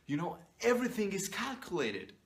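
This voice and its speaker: Brief: young male image coach, forceful and profane, monologue to camera. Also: high-pitched, very animated, fairly quick, creaky. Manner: blunt and profane, emphatic preaching.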